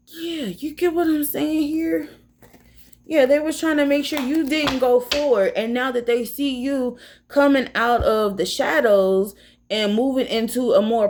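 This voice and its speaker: A woman's voice: on the high side, darkish tone. A woman giving a casual tarot reading, blunt and profane, rambling as she talks. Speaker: tarot reader.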